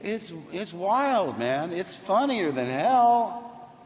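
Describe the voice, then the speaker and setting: A man on a convention stage, spinning a story with a lively voice that swoops up and down and keeps reaching higher than most men. He acts out each person in the tale. His voice carries through a big hall with a long echo. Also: very slow. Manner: animated, acts out the people in his stories. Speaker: actor and panel guest. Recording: echoey hall with faint crowd noise.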